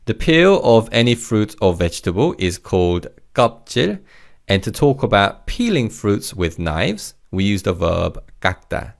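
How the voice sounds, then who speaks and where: A man teaching a language lesson, encouraging and repeating each word slowly for learners. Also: fairly low pitch, big pitch swings, vocal fry.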